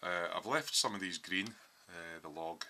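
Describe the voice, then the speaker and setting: A man's voice: deep voice, normal speed, sharp tone. A man in a home hobby workshop, casually walking through his model build with lots of ums as he explains his thinking.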